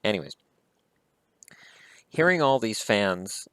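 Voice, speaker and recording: A man's voice: deep voice, moderate pace, no room sound. A man vlogging about hockey, talking in a heated, blunt and profane way. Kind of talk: casual opinion rant.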